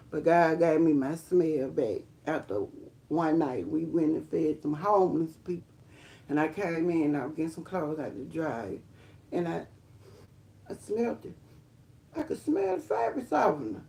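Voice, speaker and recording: A woman telling her life testimony on a live stream, rambling and emphatic, talking straight to viewers as y'all and breaking into high excited exclamations. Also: unhurried. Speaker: livestream host sharing her testimony.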